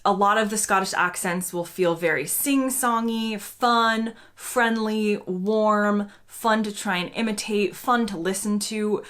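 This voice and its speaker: A woman's voice: medium pitch, fairly bright tone. A woman vlogging in a casual, chatty and upbeat way, with frequent fillers. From United States. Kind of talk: casual talking-head vlog.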